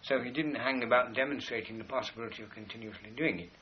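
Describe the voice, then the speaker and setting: Man lecturing on an old lo-fi tape. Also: medium pitch. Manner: measured, explanatory, slows to stress key words. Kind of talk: spoken lecture with drawings.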